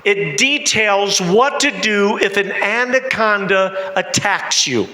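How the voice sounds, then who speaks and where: A man preaches in a high, bright voice, taking his time as he tells the story with drama and questions for the congregation. His words carry a long reverb from the church hall. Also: lively intonation, takes it slowly. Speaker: missionary preacher. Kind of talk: sermon with storytelling.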